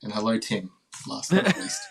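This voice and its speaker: A man's voice: lowish voice, sing-song, moderate pace, a bit bright. A man from Australia with an Australian accent, chatting in a hesitant, teasing way on a panel. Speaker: panel guest. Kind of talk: casual panel chat.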